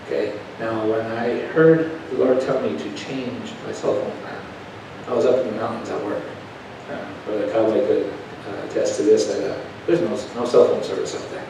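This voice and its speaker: A man preaching a storytelling sermon in a folksy way, going from quiet asides to loud, emphatic telling. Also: on the low side, steady tone, normal speed, gravelly, noisy background. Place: church sanctuary. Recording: echoey church room heard from a distance.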